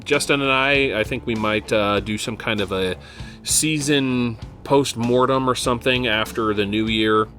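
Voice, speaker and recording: A man's voice: mid-range voice, a bit bright. A man from Nebraska hosting a podcast in casual chat, rambling with lots of fillers and chuckles. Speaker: podcast host.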